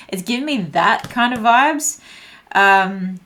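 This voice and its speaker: A young woman talks through a tarot reading in a loose, chatty way, laughing easily and leaning on fillers as she thinks aloud. Her pitch sits in a middling range for a woman. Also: lively intonation, slow, fairly bright tone. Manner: chatty, giggly, lots of fillers. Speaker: tarot reader.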